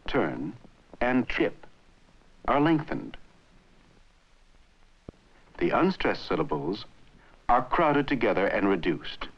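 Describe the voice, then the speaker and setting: A man giving measured, scripted narration for an old educational film on language. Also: fairly low pitch. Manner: measured, explanatory. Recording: dull lo-fi old film soundtrack.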